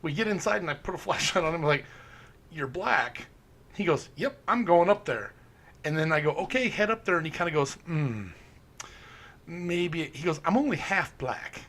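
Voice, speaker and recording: A man with a slightly higher voice recounts a ghost hunt in casual, animated storytelling. He acts out the quotes and laughs as he goes. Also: normal speed. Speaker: paranormal investigator.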